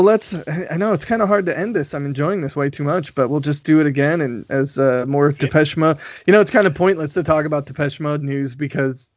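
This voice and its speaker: A man's voice: fairly high pitch, no room sound, highs cut off. An American man hosting a podcast in a casual chat, laughing and rambling with frequent restarts. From United States. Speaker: podcast host.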